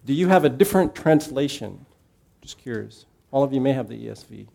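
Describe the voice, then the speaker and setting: Casting: male Bible teacher, warm mellow tone, conversational, asks the room questions. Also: mid-range voice, expressive, fairly quick, vocal fry. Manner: conversational, asks the class questions, repeats key points. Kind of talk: casual classroom teaching.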